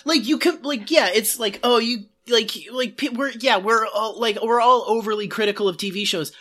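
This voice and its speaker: A woman's voice: fairly high pitch, normal speed, fairly bright tone. A woman co-hosting a podcast, talking casually with lots of "like" fillers and sarcastic exasperation. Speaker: podcast co-host. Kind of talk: casual chat.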